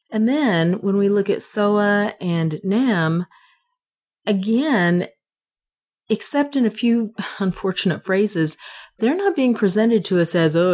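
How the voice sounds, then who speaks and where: A woman's voice: medium pitch, darkish tone. A woman reading a classic novel aloud and chatting enthusiastically about its characters. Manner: measured narration, enthusiastic chatty asides. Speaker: audiobook reader.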